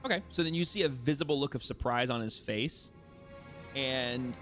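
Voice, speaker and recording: Casting: male game master, mid-pitched, loose rambling narration over music. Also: moderate pace, a bit bright. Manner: rambling, self-correcting narration. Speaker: dungeon master.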